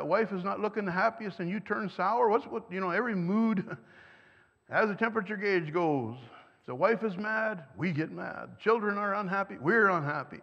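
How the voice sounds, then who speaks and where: A man's voice: high-pitched, gravelly. Older German-speaking man teaching in an echoey church. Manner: questions the audience, chuckles between points. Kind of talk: teaching sermon to parents. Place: church hall. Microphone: microphone. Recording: echoey hall, dull lo-fi sound.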